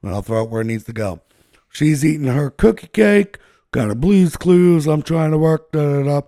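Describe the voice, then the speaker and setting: A man's voice: fairly high pitch, animated, normal speed, dark tone, dry recording, studio quality. A man casually telling a long, profane story to friends, rambling and laughing at himself. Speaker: podcast co-host telling a story.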